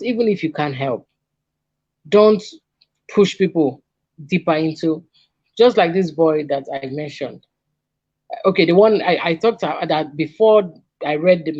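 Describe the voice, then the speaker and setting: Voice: medium pitch, darkish tone, no room sound. Earnest counselor, dull dry audio. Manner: earnest, repeats and restarts phrases, stresses warnings. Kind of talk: earnest advice in conversation.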